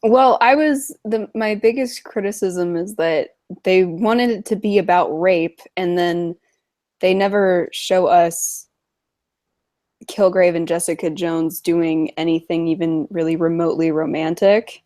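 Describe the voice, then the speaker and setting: A woman's voice: lowish voice, fairly even intonation, a little slow, a little mellow, no room sound. A woman co-hosting a casual talk show, blunt and opinionated as she chats. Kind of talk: casual podcast chat.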